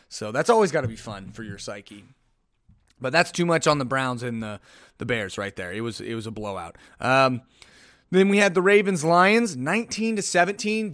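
A man's voice: mid-range voice, a bit bright. A man hosting a casual solo sports podcast, rambling with sarcastic asides.

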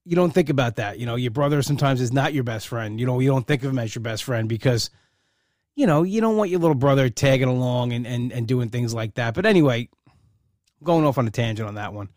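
A man's voice: medium pitch, lively intonation, brisk, a little mellow, no echo, studio quality. A man in a casual personal monologue, rambling with many fillers and restarts, heartfelt and proud. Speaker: uncle and godfather.

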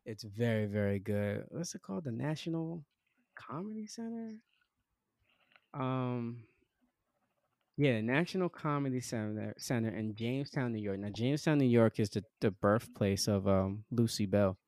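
A man's voice: mid-range voice, expressive, normal speed, a little mellow, no echo. A man guesting on a podcast as a comedian, chatting casually and enthusiastically in profane slang. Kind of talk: casual chat.

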